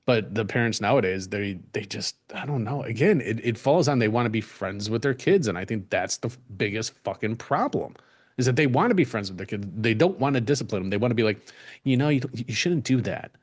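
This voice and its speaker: A man's voice: fairly low pitch, animated, a little fast. A man co-hosting a podcast, talking in a laid-back, profane, easygoing way. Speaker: podcast co-host. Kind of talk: casual crude podcast banter.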